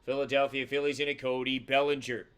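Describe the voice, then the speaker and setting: Smooth-voiced man hosting a card break. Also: medium pitch, level tone, fast, a bit bright. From Central Florida. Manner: casual, swears freely, rattles off player names. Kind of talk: live box break commentary.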